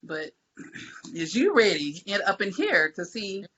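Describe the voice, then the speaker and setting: A woman's voice: medium pitch, sing-song, takes it slowly, pushed and bright, a little hiss or hum. A woman, talking on a faith podcast in an emphatic, preachy way and repeating phrases for stress. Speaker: podcast panelist. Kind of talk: casual faith talk. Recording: muffled lo-fi audio.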